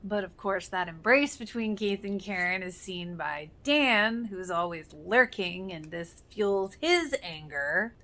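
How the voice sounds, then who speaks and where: A woman's voice: medium pitch, lively intonation, unhurried, hardly any pauses, a bit bright. A woman giving casual reaction commentary, earnest and emotional, with many fillers. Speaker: reaction video host.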